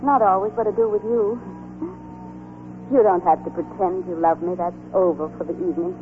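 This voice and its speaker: Actress as gentle wry young nurse, soft earnest voice, tinny old radio recording. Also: female voice, lowish voice, steady tone, moderate pace, music in the background, close to an everyday voice. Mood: tender. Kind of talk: 1940s radio acting.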